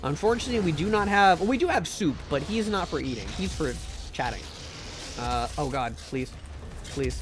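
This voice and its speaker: A man's voice: a little high, moderate pace, a little hiss or hum. A man streaming a game live, chatting in a rambling, jokey and crude way. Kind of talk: casual gaming stream chat.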